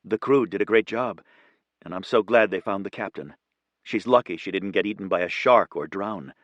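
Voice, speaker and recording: A male narrator voicing an exhausted, kind businessman who teases gently. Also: low voice, normal speed, no echo, dull audio. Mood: tired, warm. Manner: gentle teasing.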